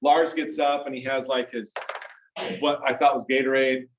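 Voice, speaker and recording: A man addresses a small group in a meeting room, telling his story in a loose, lively, conversational way and checking in with his listeners as he goes. He is picked up from a distance, so the room echoes around him. The sound is dull and muffled. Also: mid-range voice, moderate pace, slight background noise. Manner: animated, conversational, frequent "right?" and "okay?". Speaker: mastermind speaker.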